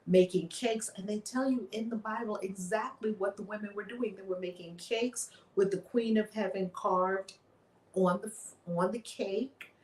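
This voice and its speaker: A woman guest retelling a story in a lively way, voicing the people in it as she goes. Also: mid-range voice, normal speed, roomy sound, rough recording. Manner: lively retelling with voiced quotes. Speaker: guest author and minister. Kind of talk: animated storytelling in a chat.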